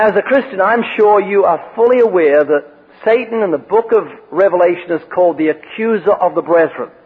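A man's voice: high-pitched, slight background noise. A man preaching a sermon and telling a personal story, with emphatic quoted lines. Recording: tinny phone-like radio broadcast with long reverb.

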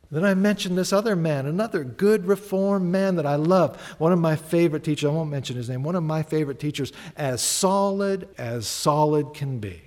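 A man with a somewhat high voice preaches to his congregation, chatty and animated, slipping into quick acted-out conversations. His voice carries a long reverb from the church hall around him. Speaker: pastor. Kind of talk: sermon.

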